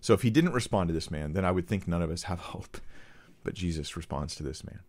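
A man's voice: sits low, fast talker, darkish tone. A man preaching a conversational sermon, casually acting out the voices of the crowd. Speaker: pastor.

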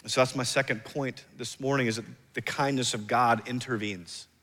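A man in his thirties preaching a sermon as pastor, emphatic, slowing down and dropping soft on key phrases. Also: mid-range voice, fairly even intonation. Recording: long reverb of a large hall.

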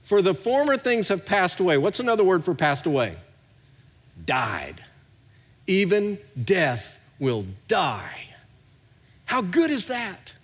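A middle-aged pastor preaching a sermon, swinging between hushed and loud, recorded in a large church hall. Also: male voice, high voice, sing-song, a little slow. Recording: long hall reverb.

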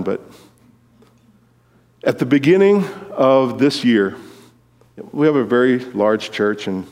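Male pastor, mid-pitched, animated sermon delivery, big hall echo. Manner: animated, swings from loud exclamations to quiet, low asides.

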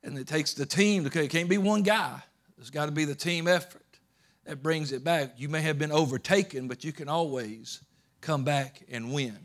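A man preaching a sermon, swinging between loud emphatic peaks and low soft storytelling, often repeating words and restarting. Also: moderate pace. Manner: rising to loud emphatic peaks, then dropping low and soft while retelling scripture.

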